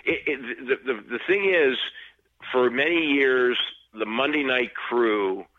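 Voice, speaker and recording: A man's voice: mid-range voice, slow. An older man talking sports as a guest, rambling and restarting his sentences often. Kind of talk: casual sports talk. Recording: dull, lo-fi line.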